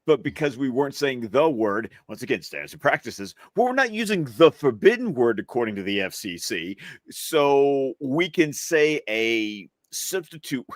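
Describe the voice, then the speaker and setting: Male podcast co-host, wry and amused, very lively pitch, dry close recording. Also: moderate pace, hardly any pauses, no echo. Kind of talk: casual chat.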